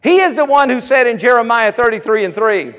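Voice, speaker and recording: A man preaches with a notably high voice, driving his points home through repetition and building to fervent calls. The sound carries a long reverb, as if recorded in a church hall. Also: expressive, fairly quick, fairly bright tone. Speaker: pastor. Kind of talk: sermon.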